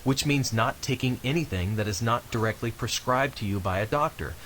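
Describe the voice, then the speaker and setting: An actor voicing a calm male health official, giving measured, instructive advice in a scripted game voice-over. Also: medium pitch, slight background noise, lightly acted, low-quality recording.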